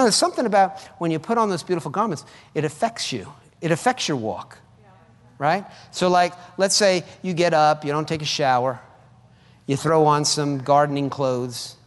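A man's voice: on the high side, big-room sound. A man preaching a sermon in an emphatic, conversational way, often repeating his phrases for effect.

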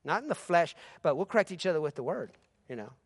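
High-voiced preaching man. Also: very animated, fast talker, dry recording. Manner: swings from conversational to loud preaching. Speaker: pastor. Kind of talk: sermon.

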